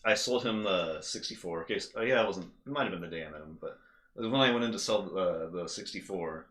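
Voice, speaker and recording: A man's voice: deep voice, quick pace, fairly bright tone. A man, a guest on a podcast, telling a story in casual chat. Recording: roomy with crowd noise.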